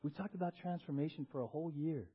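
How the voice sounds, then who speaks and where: A man preaching with a husky voice, his delivery swinging between loud, pressing emphasis and quiet, intimate asides. The sound is dull and lo-fi, as if taped in a church. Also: a little high, quick pace. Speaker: pastor. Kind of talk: sermon. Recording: dull lo-fi church audio recording.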